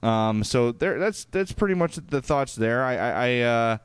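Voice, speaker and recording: A man with a thick Chicago accent co-hosts a casual podcast, reading listener emails aloud and stopping for uhs and ums along the way. His voice is smooth and resonant, sitting at a middling pitch. The recording is close and dry. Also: lively intonation, a little slow, no echo. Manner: reads listener emails aloud, hedging with fillers. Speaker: podcast co-host.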